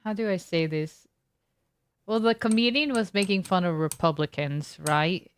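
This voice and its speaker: A woman's voice: fairly low pitch, moderate pace, clean tone. A young woman streaming a video game, chatting casually with her viewers and telling a long, rambling story full of fillers and restarts. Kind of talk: casual chat while gaming.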